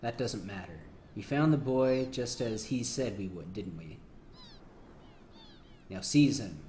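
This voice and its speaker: Gruff commander with an axe, low and stern, voiced by a man reading a game aloud. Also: animated, measured pace, a little mellow, echoey room, a little hiss or hum. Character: gruff male axe-wielding soldier commander.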